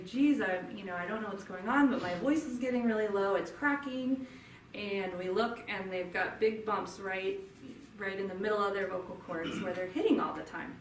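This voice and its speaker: This is live workshop instruction: a woman speech therapist leads a group, showing hums and warmly explaining how the vocal cords work. Her pitch is medium, with slight background noise. Recorded at a distance in a room with the group, the sound is roomy with faint ambience.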